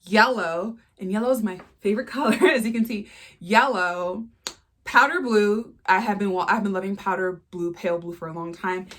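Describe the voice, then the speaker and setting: A woman in her twenties chatting casually and excitedly as she unboxes shoes, full of playful asides and filler words. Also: medium pitch, normal speed. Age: 20s. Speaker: fashion vlogger.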